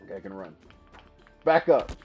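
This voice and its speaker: Excitable streamer, lively up-and-down voice. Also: male voice, on the low side, normal speed, dull audio, faint music behind. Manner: excitable, laughing, trash-talking the opponent. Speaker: gaming streamer. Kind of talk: casual live gameplay commentary.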